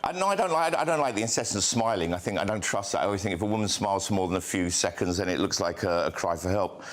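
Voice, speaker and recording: A male comedian on a panel, talking in a halting way with many restarts and deadpan punchlines. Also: on the low side. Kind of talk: comic panel banter.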